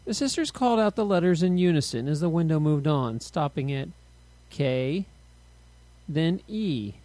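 Male audiobook narrator, expressive and animated, dry close mic. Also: fairly high pitch, moderate pace, no echo. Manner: expressive storytelling reading.

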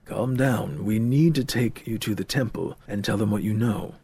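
A man's voice: lowish voice, moderate pace, gravelly, warm tone, slightly rough. A man voicing a stern, stubborn older father who talks in a firm, commanding way, in an audiobook.

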